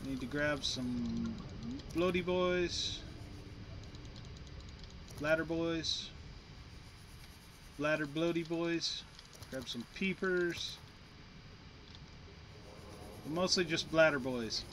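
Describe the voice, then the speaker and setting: A man's voice: on the high side, slow pace, pauses often, fairly bright tone, a little hiss or hum. A man giving casual, playful commentary while he plays a game, chatting to himself as he goes. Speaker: gameplay commentator. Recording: game music playing behind.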